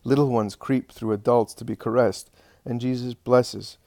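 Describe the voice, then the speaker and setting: A man giving an earnest, measured scripted reading of a religious narrative. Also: medium pitch, steady tone, warm tone, dry recording, clean studio sound.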